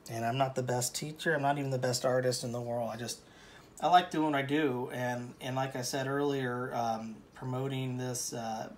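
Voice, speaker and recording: A man's voice: medium pitch, steady tone, moderate pace, a little hiss or hum. A man teaching painting in a casual, rambling way, joking and poking fun at himself as he works. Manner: rambling, joking and self-deprecating. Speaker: painting instructor. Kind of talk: casual painting tutorial talk.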